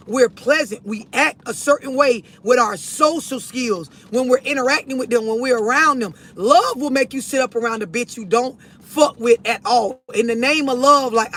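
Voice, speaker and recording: A man with a very high, bright, ringing voice lectures his viewers in a blunt, profane, preachy rant. He talks into a phone from inside a vehicle, with a faint hum behind him. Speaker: livestream host. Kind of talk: ranting livestream monologue.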